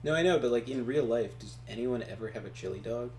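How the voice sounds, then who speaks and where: A man with a medium-pitched voice jokes and rambles in casual chat while someone else plays a video game. He laughs often between his remarks. The sound is echoey and roomy, with a faint hum underneath. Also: quick pace, creaky, darkish tone. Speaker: co-host watching and commenting.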